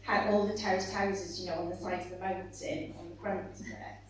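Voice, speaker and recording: A woman's voice: lowish voice, flat delivery, brisk. A woman author on a conference panel, talking chattily and animatedly and often breaking off mid-sentence. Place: conference hall. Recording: echoey hall from far off with faint hum.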